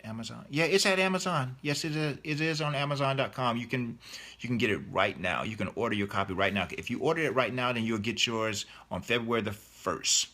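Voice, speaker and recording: A man's voice: medium pitch, a little fast, bright, forceful tone. A middle-aged man, an author, chatting casually in a live Q&A as he reads out viewer questions and answers them with enthusiasm.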